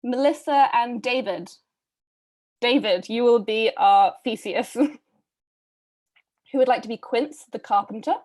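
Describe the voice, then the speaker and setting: A woman's voice: a little high, a little mellow. Chatty woman casting readers. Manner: chatty, brisk, with frequent ums and little laughs. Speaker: read-a-thon host casting readers. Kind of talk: casual live-stream casting call.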